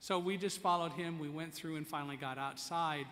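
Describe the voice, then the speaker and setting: Male keynote storyteller, high and bright, direct and commanding, reverberant hall. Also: fairly even intonation, a little fast. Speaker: keynote speaker. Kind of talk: storytelling speech to an audience. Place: conference hall. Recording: echoey conference hall.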